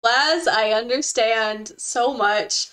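A woman's voice: fairly high pitch, takes it slowly, fairly bright tone. A young woman streaming a game, chatting with her viewers in an effusive, gushing and giggly way. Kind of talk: casual live-stream chat with viewers.

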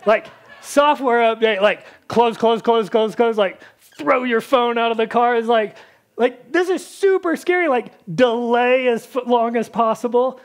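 A woman preacher with a high voice gives a casual, talkative sermon. She leans on fillers and slips into quick impressions of the people in her stories. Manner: chatty, full of "like", acts out Bible characters.

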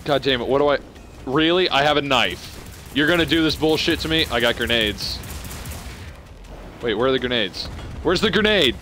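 A young man giving live commentary on a video game he is playing, excitable and swearing as he reacts out loud. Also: mid-range voice, normal speed, pauses often, slight background noise. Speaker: gameplay streamer. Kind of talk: live let's-play commentary.

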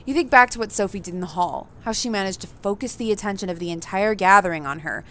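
A woman reading a visual novel aloud, expressive, breaking off to react and comment. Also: mid-range voice, fast talker. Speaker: gaming streamer.

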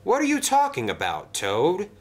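A man's voice: high-pitched, wildly swooping pitch, moderate pace, pitched above the performer's own voice, full character voice. A man voicing a sensible, friendly male engine in a toy train story. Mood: kindly.

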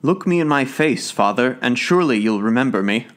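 A man's voice: medium pitch, animated, fairly quick, a bit bright, close to an everyday voice. A man voicing a distressed young lady who pleads with her parents to know her, in a lifted, tearful tone. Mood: pleading.

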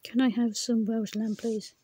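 A woman slowly reading words from her exercise book, repeating them, stumbling and laughing at her own attempts. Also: fairly high pitch, flat delivery, dark tone, a little hiss or hum. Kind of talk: slow read-aloud vocabulary practice.

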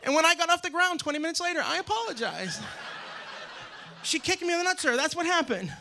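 A man from Maine performing a loud, animated stand-up set on a theater stage. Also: very high voice, a little fast, creaky, a little hiss or hum. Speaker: stand-up comedian. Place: theater stage with live audience.

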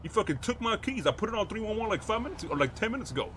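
A man role-playing a mechanic in a game, excitable, slangy and swearing a lot. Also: sits high, racing, a little hiss or hum. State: out of breath. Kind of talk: in-character game role-play.

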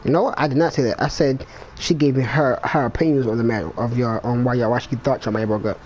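A man's voice: medium pitch, fairly even intonation, quick pace, a little mellow, a little hiss or hum, poor audio. A man chatting casually with a friend during an online game, profane and slangy, trading banter and blunt advice. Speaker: gamer in voice chat. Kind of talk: casual gaming chat.

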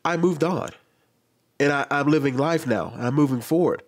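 A young adult man with a fairly high voice speaks at normal speed, reacting to a news story. He sounds exasperated and lecturing, repeating his pleas.

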